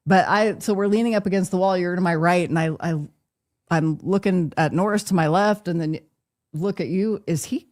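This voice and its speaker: A man's voice: sits high, moderate pace. A man co-hosting a podcast, chatting casually with his co-host. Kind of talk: casual chat.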